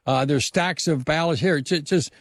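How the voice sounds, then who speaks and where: A man hosting a political talk interview, rambling through his points with halting fillers before putting questions to his guest. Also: a little high, no room sound, studio quality. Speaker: talk show host.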